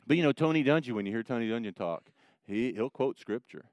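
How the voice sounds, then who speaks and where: A man's voice: medium pitch, animated, quick pace, no room sound. A man preaching a sermon into a microphone in a conversational style with teasing asides. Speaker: pastor.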